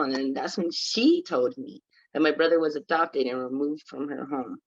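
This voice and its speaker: A woman's voice: deep voice, fast, slightly rough, dry recording. Young woman guest, earnest casual storyteller, dull lo-fi recording, dry close sound. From Colorado, USA. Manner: earnest, conversational, many "like" and "you know" fillers. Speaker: guest, former foster youth.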